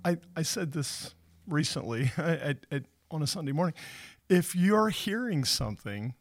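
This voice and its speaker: A man's voice: a little high, no room sound, clean studio sound. A male pastor speaking in a casual faith discussion, emphatic and firm.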